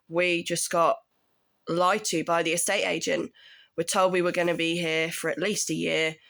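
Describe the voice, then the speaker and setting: A tenant in her thirties tells her story in a casual, indignant rant that builds to raised exasperation. Her voice is on the low side and gravelly.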